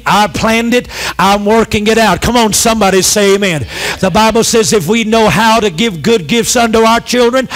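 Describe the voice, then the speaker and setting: A middle-aged pastor with a notably high voice preaches a fervent sermon, urging the congregation to call back to him. He repeats key phrases and climbs into shouts in impassioned call-and-response style.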